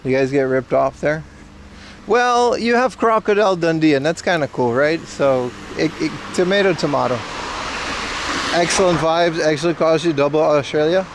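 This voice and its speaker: A man's voice: fairly high pitch, moderate pace, slight background noise. A young man chatting casually and joking with his viewers on a livestream, recorded outdoors in a city. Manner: joking, banter with chat. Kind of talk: casual IRL stream chat.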